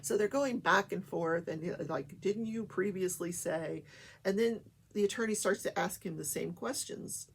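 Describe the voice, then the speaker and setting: Older woman with a gravelly, husky voice. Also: medium pitch, moderate pace, few pauses. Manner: chatty, many fillers, acts out quotes. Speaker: talk show host. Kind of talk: casual trial recap.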